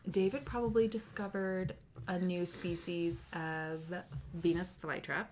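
A woman in her thirties telling a funny story in casual chat, acting out the quotes with an animated delivery. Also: fairly low pitch, a little slow, slight background noise. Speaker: podcast co-host.

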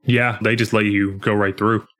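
A young man co-hosting a podcast, chatting casually about a video game and acting out lines with lively jumps in his voice. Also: on the low side, normal speed. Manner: animated, acts out game lines in a jumpy voice. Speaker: podcast co-host.

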